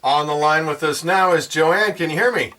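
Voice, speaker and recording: A man's voice: a little high, moderate pace, bright, forceful tone, faint music behind, low-quality recording. A man hosting a radio talk show, welcoming a caller and joking with her, laughing easily. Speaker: radio host.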